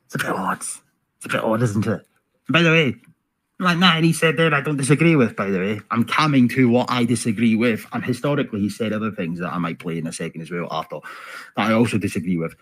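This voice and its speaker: Husky sarcastic man ranting. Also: on the low side, fast, fairly bright tone, poor audio. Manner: sarcastic, profane, rhetorical questions. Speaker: political commentary host. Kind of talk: ranting commentary over clips.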